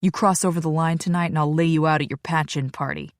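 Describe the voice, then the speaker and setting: A woman voicing a gruff, protective male biker who swears bluntly and gives orders. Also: a little high, fairly even intonation, quick pace, no echo, clean studio sound, close to an everyday voice. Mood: angry. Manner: profane, commanding.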